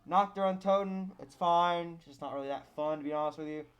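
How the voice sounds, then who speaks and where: A man's voice: fairly high pitch, brisk. Young man swearing through game commentary. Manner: animated, swears, mock-dramatic complaints. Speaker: gaming streamer. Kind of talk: casual live gameplay commentary.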